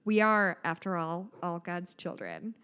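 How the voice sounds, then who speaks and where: A woman's voice: on the low side, very animated, a little slow, a bit bright, clear, resonant tone, muffled recording. Chatty woman rambling through a story. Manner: rambling and chatty, laughing, with many fillers. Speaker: podcast co-host. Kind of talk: casual chat.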